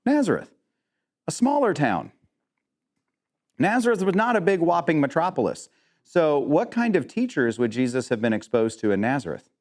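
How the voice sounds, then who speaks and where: A man's voice: fairly high pitch, big pitch swings, moderate pace, pauses often, a little mellow. A man teaching an interactive Bible lesson, quizzing the class with questions and dropping in joking asides.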